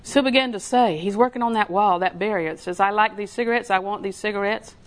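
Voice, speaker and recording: A woman's voice: mid-range voice, quick pace. A woman preacher giving a conversational sermon, telling homespun stories with laughing asides, acting out other people's voices and dropping into whispers for emphasis. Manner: animated storyteller who acts out voices and drops to whispers.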